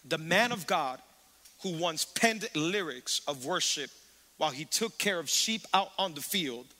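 A man pastor preaching a sermon, animated, calling on the congregation to respond. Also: fairly high pitch. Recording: reverberant church hall.

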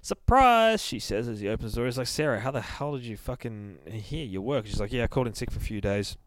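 A man with a lowish voice tells a horror comic's plot in a loose, profane ramble. He swears nonstop and jumps into the characters' lines as he goes. The sound is dry and close, with no room around it. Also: fast talker, no echo. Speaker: comic book podcast host. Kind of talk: casual profane comic recap.

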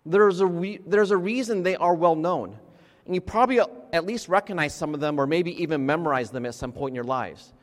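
A man delivers a sermon with a slightly high-pitched voice, talking to his congregation in a loose, conversational way full of restarts and quick asides. His voice carries a long reverb, as if recorded in a large church hall. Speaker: pastor.

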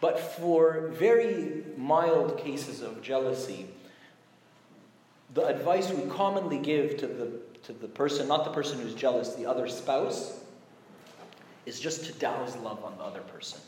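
A man's voice: mid-range voice, animated, unhurried, darkish tone. Man preaching in an echoey hall. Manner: conversational, emphatic with rising exclamations. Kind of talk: sermon. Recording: echoey hall with faint background noise.

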